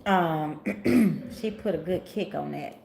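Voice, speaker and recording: A woman's voice: low voice, slow, vocal fry, a little mellow. A woman from Memphis, giving a live tarot reading and chatting with her viewers, calling them honey and y'all. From Memphis, Tennessee. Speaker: tarot reader on livestream. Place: rental house, indoors. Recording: echoey room, faint ambient noise.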